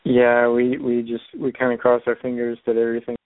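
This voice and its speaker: A woman co-hosting a radio talk show, giving brief, relaxed replies in casual chat. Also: a bass voice, fairly quick. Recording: dry, tinny phone-like line.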